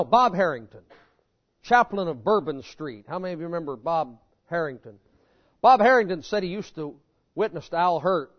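A man preaching a sermon in a folksy, animated storytelling manner. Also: sits high. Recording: dull lo-fi sermon recording.

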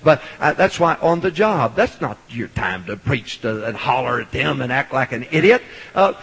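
Hollering Baptist preacher, husky voice. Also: male voice, mid-range voice, lively intonation, moderate pace, poor audio. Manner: loud, hollering preaching with sudden shouts, then soft storytelling. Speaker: Baptist pastor. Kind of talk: sermon.

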